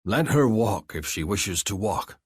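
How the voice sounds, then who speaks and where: Man reading a commanding alien chief, low husky voice, dry sound, audiobook. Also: lively intonation, unhurried, dry recording. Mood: stern. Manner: warning, commanding. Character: calm male alien chieftain, stern but good-natured. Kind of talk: audiobook character voice.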